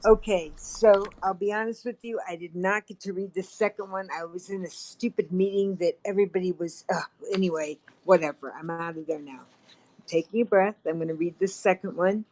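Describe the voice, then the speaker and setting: A woman's voice: fairly low pitch, steady tone, brisk, darkish tone, a little hiss or hum, rough recording. A woman guest on a casual online chat, frank and frazzled, laughing and swearing freely. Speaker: guest co-host.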